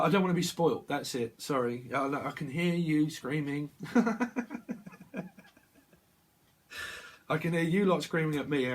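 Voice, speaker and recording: A man's voice: medium pitch, breathy edge. A man giving a rambling tarot reading, talking to himself, repeating words and breaking off mid-thought. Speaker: tarot reader.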